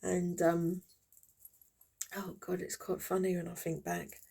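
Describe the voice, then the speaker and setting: A woman's voice: lowish voice, monotone, slow, gravelly, warm tone, slightly rough. A woman in her fifties chatting casually and reminiscing while she crochets, in a rambling, friendly way. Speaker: crafter vlogger.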